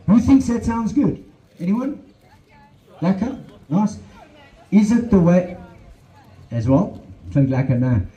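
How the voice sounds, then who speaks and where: A man's voice: on the high side, mellow, roomy sound, low-quality recording. A man with a South African accent giving an earnest motivational talk through a handheld microphone, slipping in Afrikaans phrases. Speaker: motivational speaker. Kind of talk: motivational talk at an outdoor event.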